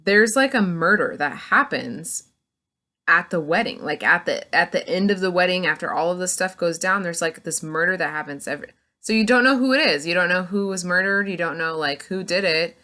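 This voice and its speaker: Bright-voiced woman gushing about a book. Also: on the low side, lively intonation, a little fast. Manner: gushing, filler-heavy, full of "like". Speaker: book reviewer. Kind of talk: casual spoiler recap.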